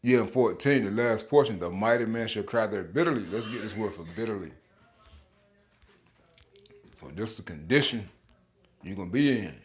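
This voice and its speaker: A man's voice: fairly low pitch, expressive, normal speed, pauses often. A man teaching scripture informally in his own videos, emphatic and slangy, often repeating words and chuckling. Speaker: bible teacher making videos.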